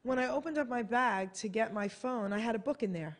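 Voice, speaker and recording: A woman's voice: fairly high pitch, a little fast. An American woman, a guest author on a radio talk show, chatting casually and acting out quotes as she tells a story. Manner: animated, acts out quotes in a bright voice. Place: radio studio.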